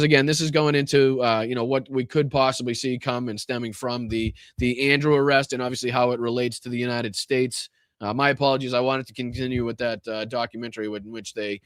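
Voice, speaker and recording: A man hosting a live political podcast, ranting angrily and swearing, swinging between loud outbursts and low muttering, with a Boston accent. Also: no room sound, studio quality. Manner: profane, exasperated, swings from shouting to muttering. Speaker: podcast host. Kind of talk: angry livestream rant.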